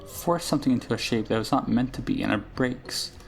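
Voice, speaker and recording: A man reading aloud the lines of an ancient, scheming female hag from a game, in a gravelly voice. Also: medium pitch, a little fast, faint music behind, lightly acted. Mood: brooding.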